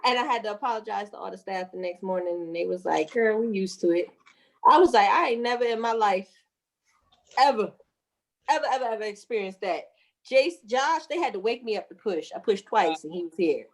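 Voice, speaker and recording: Speaking briskly at a medium pitch, a woman in her thirties tells her birth story. She's animated and laughing, curses freely, and acts out the voices of everyone involved.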